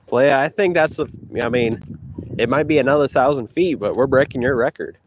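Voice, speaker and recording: In this trash-talking walk vlog, a man heads outdoors holding his phone and taunts a rival boastfully, talking between breaths. He speaks at a moderate pace in a mid-range voice, with slight background noise.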